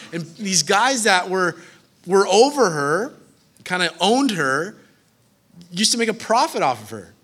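A man preaching a lively sermon, telling a story casually and acting out the characters in quick voices. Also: high voice. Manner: animated, acts out characters in quick voices, swings from hushed to loud; casual slangy speech.

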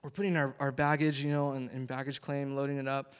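A man's voice: mid-range voice, little pitch movement, fast talker, smooth. Chatty young man preaching in reverberant hall. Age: 20s. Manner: rambling, chatty, many fillers, laughs often. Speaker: youth pastor, worship leader. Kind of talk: casual youth sermon.

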